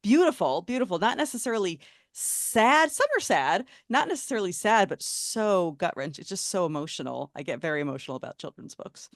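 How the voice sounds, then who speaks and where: A woman in her forties co-hosting a chat podcast, with a slightly low voice. She gushes and chats freely, and the sound is dry and close. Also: animated, a little fast, fairly bright tone, no room sound. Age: 40s. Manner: effusive, chatty, gushing. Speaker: podcast co-host. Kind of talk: casual interview chat.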